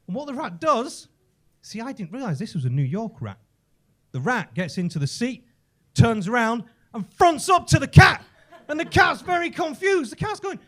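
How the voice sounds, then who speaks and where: An English man doing a stand-up comedy set on a club stage, telling stories full of swearing and shouting out the punchlines. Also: very high voice, normal speed. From England. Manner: profane, animated storytelling with shouted punchlines.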